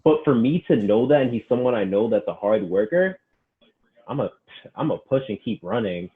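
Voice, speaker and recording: Deep-voiced man on a tinny line. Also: lively intonation, moderate pace. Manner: retells client stories, quoting them with many "he's like". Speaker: personal trainer, podcast guest. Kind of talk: casual storytelling interview.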